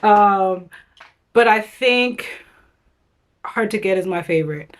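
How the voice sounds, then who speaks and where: A woman's voice: medium pitch, slow. A woman beauty vlogger giving a casual, enthusiastic product review, chatting directly to her viewers.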